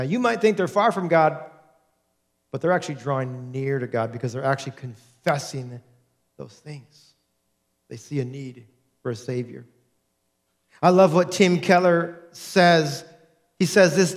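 A man preaching a sermon as a pastor, animated and acting out the people he quotes. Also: a little high, measured pace. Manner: animated, acts out quoted voices in his preaching.

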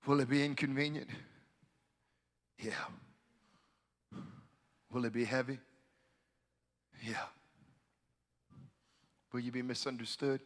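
A man preaching a sermon as pastor, swinging from hushed, quiet talk to loud, fervent shouting. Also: mid-range voice, fairly even intonation, slow pace, long pauses, in a large hall.

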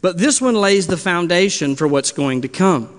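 High-voiced male pastor in a reverberant hall. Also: animated, moderate pace. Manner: earnest teaching, repeats key words with restarts. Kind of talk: expository sermon.

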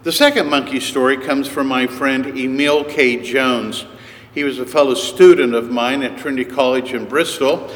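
A man preaching a sermon, telling stories in an unhurried, conversational way. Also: mid-range voice, fairly even intonation, fairly bright tone. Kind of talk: sermon storytelling. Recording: echoey hall with long reverb.

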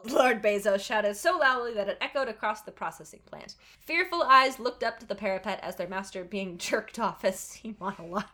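Bright giggly woman reading aloud. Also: mid-range voice, lively intonation, brisk. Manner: giggly, reads with dramatic flair. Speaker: podcast co-host reading a parody story aloud. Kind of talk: comedic reading with banter.

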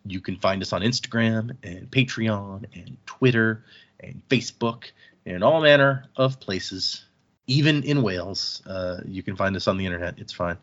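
A man's voice: on the low side, moderate pace, fairly bright tone. A man co-hosting a podcast in casual chat, easygoing and rambling, often trailing off mid-sentence. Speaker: podcast co-host. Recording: muffled lo-fi audio.

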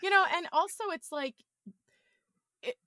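Bright, chatty woman telling stories. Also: very high voice, unhurried, no room sound, clean studio sound. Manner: chatty, playful storyteller. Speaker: podcast guest. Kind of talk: casual chat.

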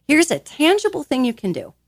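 Woman, lively and animated, fairly high voice, dry close sound, motivational podcast talk. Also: fairly quick, no echo. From grew up in a large Italian family. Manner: animated, emphatic, acts out little quoted voices; expressive, swinging pitch.

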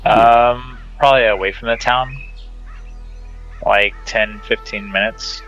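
A man's voice: medium pitch, fairly even intonation, takes it slowly, fairly bright tone, dull audio, soft background music. A man playing a tabletop game, speaking hesitantly with fillers.

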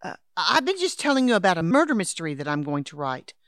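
Woman doing brisk scheming old lady in a radio play, lively pitch, dry sound. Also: no echo. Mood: soothing. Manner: brisk, patronizing, calls others dear and darling. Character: scheming elderly woman, Henrietta, would-be crime writer. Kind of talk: audio drama acting.

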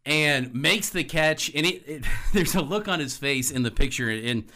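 A man's voice: on the high side, expressive, moderate pace, pushed and bright. A man co-hosting a sports radio show, telling a story animatedly and laughing as he talks. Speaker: radio co-host.

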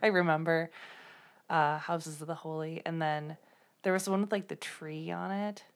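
Low, gravelly-voiced woman podcaster. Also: steady tone, normal speed. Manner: teasing, says "like" a lot. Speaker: podcast co-host. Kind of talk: casual chat.

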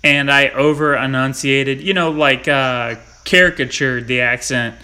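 A man's voice: medium pitch, fairly even intonation, a little slow, pushed and bright, clear, resonant tone. A man from Missouri hosting a podcast, chatty and rambling in casual talk, with lots of fillers and laughs. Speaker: podcast host. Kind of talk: casual chat.

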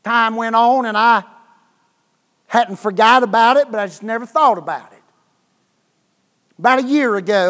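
A man preaching a revival sermon as guest preacher, telling a story that swings from hushed tones to loud bursts, with repeated words. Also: extremely high pitch. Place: church sanctuary. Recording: long hall reverb.

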